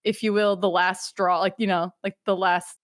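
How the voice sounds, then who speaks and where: A woman's voice: medium pitch, level tone, normal speed, dry recording, clean studio sound. A woman co-hosting a casual show, retelling events with acted-out quotes and frequent swearing. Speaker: podcast co-host. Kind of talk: casual chat.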